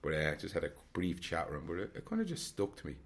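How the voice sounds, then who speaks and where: A deep-voiced Dubliner talks fast with wildly swooping pitch and vocal fry, in a Dublin Irish accent. As a solo traveller vlogger, he reflects frankly on going it alone, rambling and repeating himself.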